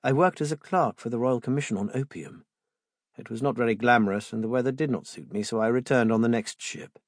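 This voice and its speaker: A man voicing an eager, boyish young male amateur botanist who talks in a bright, quick and fussy way. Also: medium pitch, no room sound, studio quality, close to an everyday voice. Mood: earnest.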